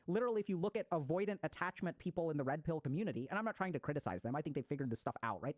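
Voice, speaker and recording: Male psychiatrist, quick casual lecture, acts out examples as he goes. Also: a little high, a little mellow, dry recording. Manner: fast, conversational, acts out example voices. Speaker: psychiatrist giving a talk.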